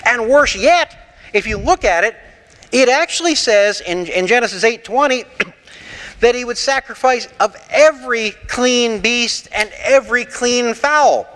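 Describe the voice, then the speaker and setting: Bright high-voiced man teaching scripture. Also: unhurried, long reverb tail. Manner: animated, rhetorical, lightly sarcastic. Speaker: pastor teaching a Bible class. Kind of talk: interactive sermon with questions. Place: church.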